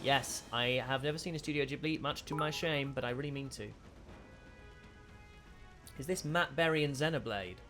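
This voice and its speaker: A man's voice: medium pitch, normal speed, pauses often, a bit bright, soft background music. A man, chatting casually while streaming a video game and thanking viewers in chat. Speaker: streamer and voice actor. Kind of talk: casual live-stream gameplay commentary.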